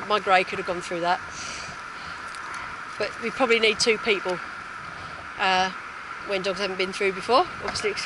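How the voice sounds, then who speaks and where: A woman dog trainer chatting on a live-streamed walk in a park, praising her dogs in a sing-song voice. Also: on the high side. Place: outdoors in a park. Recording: outdoor phone stream with loud noise. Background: loud outdoor noise.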